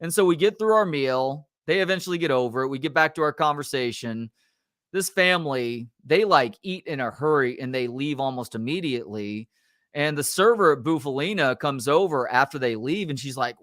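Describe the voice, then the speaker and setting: A middle-aged man, a sports talk show host, telling a story in a casual, animated and exasperated way, swearing now and then. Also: medium pitch, brisk, no echo, clean studio sound.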